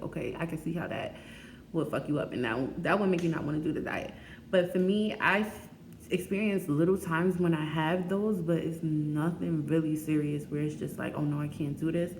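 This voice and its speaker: A woman's voice: deep voice, steady tone, normal speed, darkish tone, slight background noise. A woman vlogging casually, talking frankly and chattily and laughing often. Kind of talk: candid casual vlog talk. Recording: echoey room with faint ambience.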